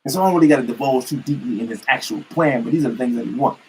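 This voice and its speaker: A man's voice: medium pitch, racing, slight background noise, rough recording. A man giving an emphatic, repetitive political rant to camera as a commentator.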